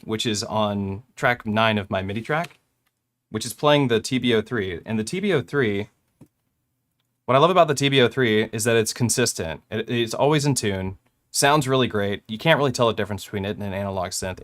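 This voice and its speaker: A young man, his voice fairly low, a bit bright, and a little fast, casually explains how he built a track on his hardware. The gear tutorial rambles a bit, and he corrects himself with small laughs.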